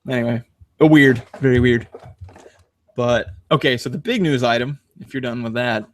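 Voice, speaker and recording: A man's voice: mid-range voice, normal speed, dry recording. A man hosting a casual podcast, rambling through fillers and restarts and laughing as he tells stories. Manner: animated storyteller, laughs while talking. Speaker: podcast host. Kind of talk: casual chat.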